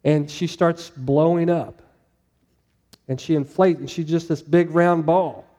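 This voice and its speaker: Man, pastor, sermon, conversational preaching, rhetorical questions, mellow tone, long hall reverb. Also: fairly high pitch, steady tone, unhurried.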